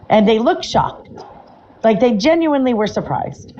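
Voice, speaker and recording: A woman's voice: medium pitch, sing-song, normal speed, mellow. A woman co-hosting a podcast, telling a story in a casual, wry way and relishing the details. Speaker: podcast co-host. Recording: slightly dull mic with faint noise.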